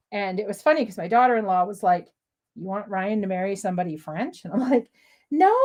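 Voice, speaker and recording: Bubbly, high-voiced woman crafter. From United States. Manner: bubbly, excitable, laughs often, talks to chat viewers. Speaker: craft livestream host. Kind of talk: chatty live crafting demo.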